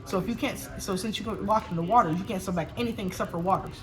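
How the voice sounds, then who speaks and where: A woman casually explaining her card game deck, talking in a halting way with restarts and fillers. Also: mid-range voice, soft background music, rough recording. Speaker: tournament winner showing her deck.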